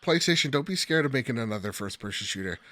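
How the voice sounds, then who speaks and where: A man's voice: medium pitch, animated, fast, fairly bright tone, dry recording. A man co-hosting a casual gaming podcast, joking around and reading out listener mail, with a slight lisp. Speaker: podcast co-host.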